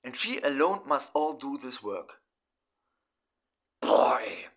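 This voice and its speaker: A middle-aged German man speaking in halting, broken English. He talks through his feelings in a personal monologue and swears often. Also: medium pitch, sing-song, vocal fry, a bit bright, breathy edge. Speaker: vlogger.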